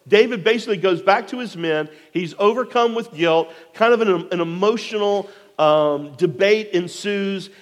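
A man preaching a sermon, retelling a scripture story in an animated way, sometimes dropping to near quiet. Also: high-pitched, moderate pace, few pauses, long reverb tail. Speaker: pastor.

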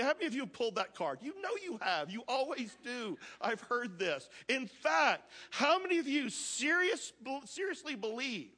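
A pastor preaching a conversational sermon, reading scripture aloud and asking the congregation questions. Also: male voice, high-pitched, bright, forceful tone.

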